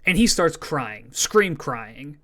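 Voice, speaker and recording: A man's voice: fairly high pitch, very animated, slow pace, fairly bright tone. A man streaming a game while telling a story in a rambling, profane way, full of restarts. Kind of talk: casual storytelling while gaming.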